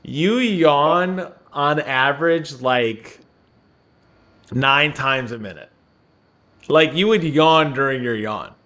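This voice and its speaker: A man co-hosting a gaming podcast in casual chat, teasing and animated, laughing often. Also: a little high, slow, pauses often, lo-fi sound. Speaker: podcast co-host.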